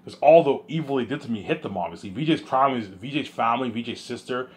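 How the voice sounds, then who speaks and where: A man talking alone in a rambling monologue, repeating himself and swinging between loud outbursts and low mumbles. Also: lively intonation, quick pace, slightly rough. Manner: repetitive, keeps saying "you know what I'm saying". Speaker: host of his own listening series.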